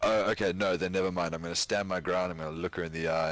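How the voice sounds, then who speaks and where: A man playing a character in a tabletop game, talking in a relaxed, easygoing way. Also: deep voice, fast. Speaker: player. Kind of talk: casual tabletop play.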